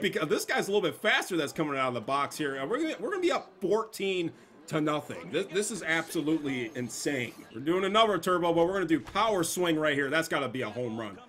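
Young male gaming streamer, high lively voice, bright and sharp, profane hype commentary. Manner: excitable, profane trash talk. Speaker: gameplay streamer.

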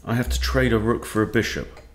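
A man's voice: medium pitch, little pitch movement, a little fast. A man who coaches chess, thinking aloud as he plays and talking to himself with wry asides. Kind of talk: thinking-aloud game commentary.

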